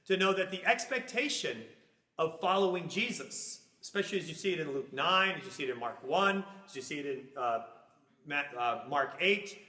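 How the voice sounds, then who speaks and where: A man teaching a Bible class, animated and acting out little scenes in funny voices as he explains. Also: fairly high pitch, normal speed, echoey room.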